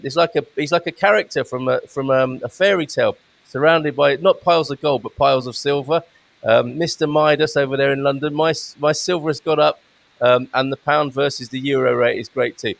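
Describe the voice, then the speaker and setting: A man hosting a casual live-stream show from Portugal over a video call, chatting and reading out viewers' comments. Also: mid-range voice. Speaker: host. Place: home in Portugal.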